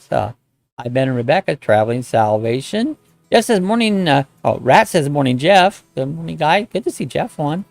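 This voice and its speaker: A middle-aged man hosts a relaxed live-stream chat, reading out viewer comments and greeting people by name in a rambling, folksy way. His voice has a gravelly, rough edge. Faint music plays quietly behind him. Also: medium pitch, a little slow, no room sound.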